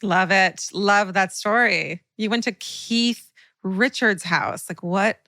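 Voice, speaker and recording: A woman's voice: mid-range voice, slow, bright, forceful tone, no room sound. A woman co-hosting a podcast, reacting expressively and swearing freely, then reading a listener's story. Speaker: podcast co-host. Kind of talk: casual chat and story reading.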